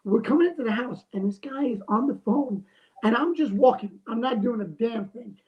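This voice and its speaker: A man co-hosting a casual livestream chat, telling stories in an animated, joking way. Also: very high voice, normal speed, muffled recording. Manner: animated storyteller, jokey. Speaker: comic artist, co-host.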